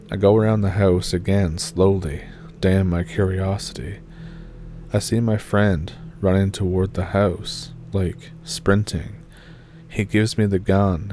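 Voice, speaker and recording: A man with a low, dark voice tells a first-person horror story in a steady, measured read. His mellow tone sits over a faint hiss. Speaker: story narrator.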